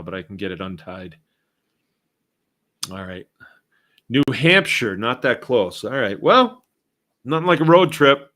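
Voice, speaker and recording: A lowish, bright, forceful male voice belongs to the host, a middle-aged man from Massachusetts. On his casual live stream he reads viewer comments aloud and rambles, punctuated by chuckling asides.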